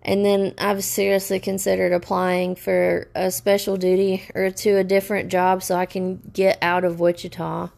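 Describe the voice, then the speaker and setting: Gravelly-voiced upset woman venting. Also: on the low side, flat delivery, a little mellow. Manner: upset, halting, many restarts. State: stressed and upset. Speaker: vlogger. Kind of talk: personal rant to camera.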